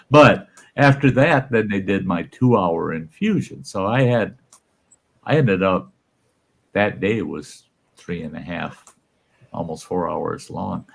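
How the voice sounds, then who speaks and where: A man casually telling a salty, folksy story, voicing the people in it with lively shifts. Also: low-pitched, takes it slowly, vocal fry, husky. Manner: folksy, salty, animated when quoting others. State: undergoing cancer treatment. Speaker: channel host telling stories.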